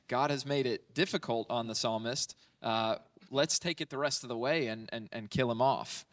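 A man's voice: medium pitch, normal speed, dry recording, far from the mic. A man preaching through a psalm verse by verse in a conversational way, often checking in with "right?" between points. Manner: conversational, asks "right?" often, many fillers. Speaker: pastor. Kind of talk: teaching sermon on a psalm.

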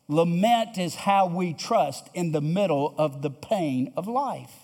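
A pastor preaching a sermon, earnest and emphatic, who repeats phrases and asks the congregation rhetorical questions. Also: male voice, fairly high pitch, expressive, slow pace, a little mellow. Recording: long hall reverb.

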